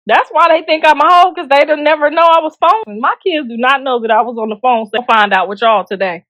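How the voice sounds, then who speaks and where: Middle-aged woman, high voice, blunt joking gossip host, laughs a lot, dry close sound. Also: quick pace, a bit bright, no room sound. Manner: talks straight to viewers in slang. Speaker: show host discussing celebrity gossip. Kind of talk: casual gossip commentary.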